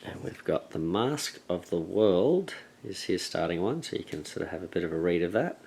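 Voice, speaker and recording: A man hosting a board game channel, casually unboxing and thinking aloud with relaxed, hesitant fillers. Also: low-pitched, moderate pace, gravelly, a little hiss or hum, rough recording. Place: at a table, handling game pieces.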